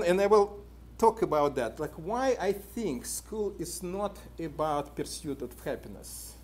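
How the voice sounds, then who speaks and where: A man giving a conference talk, speaking in short, deliberate phrases that slow and drop at the ends and then rise sharply for emphasis, with slightly non-standard English grammar. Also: on the high side, animated, darkish tone. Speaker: conference panelist.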